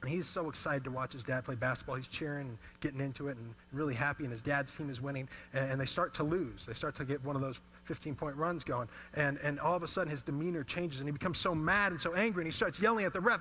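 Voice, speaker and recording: A man in his thirties preaching a sermon as a pastor, telling personal stories in an animated way. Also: on the high side, fast talker. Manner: animated storytelling.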